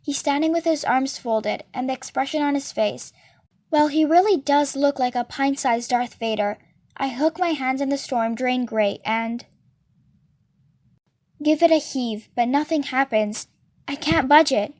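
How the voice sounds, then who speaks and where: Woman, storyteller, novel read aloud, high voice, steady and expressive. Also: a little slow.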